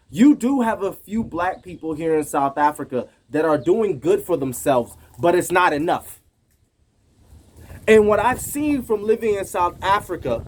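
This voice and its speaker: American guy vlogging, fairly high voice, tells it emphatic and fired up, slight hiss behind. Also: poor audio. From United States. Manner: emphatic, indignant retelling. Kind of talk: casual storytelling to camera.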